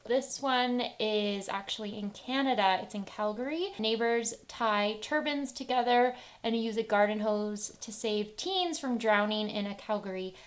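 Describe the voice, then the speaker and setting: A woman's voice: medium pitch, a little slow, hardly any pauses. A young woman beauty vlogger chatting casually while doing her makeup at home, upbeat and easily moved to tears. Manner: chatty and upbeat, tearing up at touching stories. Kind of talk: casual get-ready-with-me chat.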